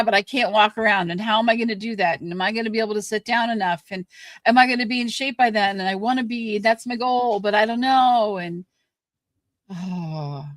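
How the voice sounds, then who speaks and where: A woman co-hosting a podcast, ranting with frustration and many halting restarts. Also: medium pitch, no echo. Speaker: podcast co-host. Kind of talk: candid podcast conversation.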